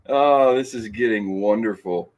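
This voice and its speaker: A man hosting a casual live stream, reading comments aloud, teasing and laughing often with stumbling restarts. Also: on the low side. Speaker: podcast host reading live chat.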